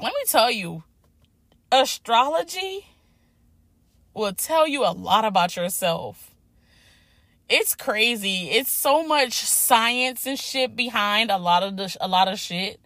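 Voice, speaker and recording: A woman's voice: on the high side, fairly bright tone, dry recording. Chatty young woman podcasting, dry close sound. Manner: candid, chatty, swears freely, lots of restarts. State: out of breath after a workout. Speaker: podcast host. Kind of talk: casual solo podcast talk.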